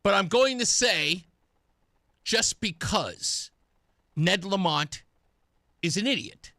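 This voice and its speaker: A man's voice: high-pitched, expressive, slow, bright, forceful tone, dry recording. A young man hosting a talk radio show, delivering an emphatic, sarcastic opinion monologue into a studio microphone. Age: young adult.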